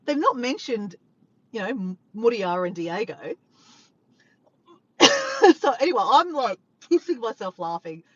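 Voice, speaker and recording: A woman vlogger telling a funny story to her viewers, animated and laughing, swearing freely. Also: a little high, unhurried, pauses often, lo-fi sound. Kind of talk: casual storytelling to camera.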